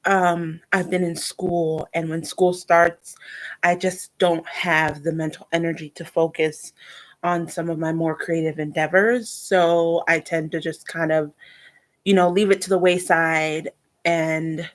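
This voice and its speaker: A young adult woman talking in a casual personal vlog, reflective and earnest, often pausing and restarting. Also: fairly low pitch, little pitch movement. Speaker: vlogger.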